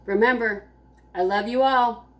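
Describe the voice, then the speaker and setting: A woman teacher showing children how to make popcorn, talking slowly and gently to her class. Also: on the high side, steady tone. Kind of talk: classroom cooking demo.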